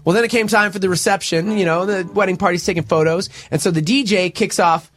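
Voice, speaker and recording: A man hosting a morning radio show, telling a story in an animated, casual way. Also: soft background music. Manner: animated, fast storytelling with big pitch jumps. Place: radio studio.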